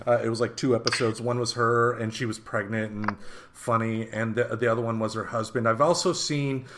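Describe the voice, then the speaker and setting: A man co-hosts a relaxed podcast, speaking in a mid-range voice. He often restarts his sentences and fills pauses with ums. He laughs easily as he talks. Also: mid-range voice, background noise. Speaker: podcast co-host. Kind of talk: casual chat.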